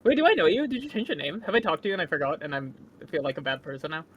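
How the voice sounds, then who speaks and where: Excitable co-streamer on a call, wide lively pitch, quick to laugh. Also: highs cut off, slight background noise. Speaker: guest co-streamer filling in. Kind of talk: casual stream chat.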